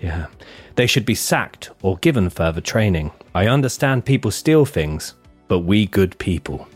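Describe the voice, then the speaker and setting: A man hosting a podcast in casual chat, reading reviews aloud in a lively, jokey way. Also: low-pitched, moderate pace, slightly rough, faint music behind. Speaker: podcast host.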